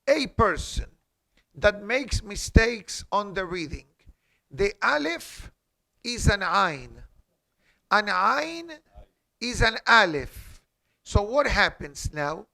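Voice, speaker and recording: A man's voice: high voice, vocal fry, a bit bright. A man giving a class as a rabbi in a synagogue, teaching in an emphatic way, quoting Hebrew and asking rhetorical questions. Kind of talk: halakha class.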